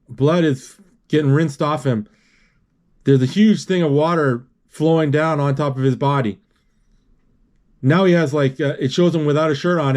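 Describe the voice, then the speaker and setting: A man with a slightly higher voice, narrating a film off the cuff. He talks haltingly, restarting phrases, saying "he's like" and adding spoken sound effects as he goes. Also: darkish tone. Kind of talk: unscripted play-by-play retelling.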